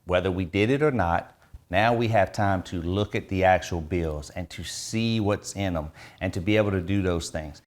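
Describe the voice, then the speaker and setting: A man's voice: sits low, moderate pace. A man with an American accent, a lawmaker answering an interview in an emphatic, persuasive way.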